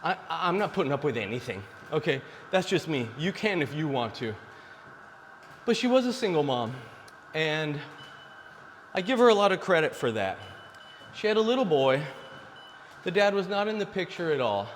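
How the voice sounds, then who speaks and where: A man's voice: fairly high pitch, very animated, normal speed, slight background noise. Blunt man in his forties, reverberant. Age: 40s. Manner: blunt, preachy, addresses viewers as guys. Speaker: dating advice vlogger. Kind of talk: casual direct-to-camera monologue.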